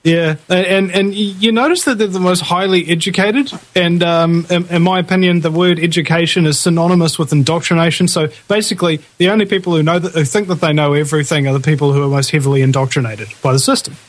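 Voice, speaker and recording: Emphatic male host, slightly high voice. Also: steady tone, fast talker, few pauses. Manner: emphatic, hesitant with many uh's. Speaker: talk show host. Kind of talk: casual conversation.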